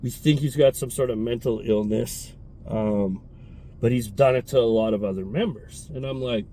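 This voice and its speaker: A man who owns a fitness studio, telling a heated, profane story in a casual, animated way. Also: medium pitch, normal speed, slight background noise, poor audio.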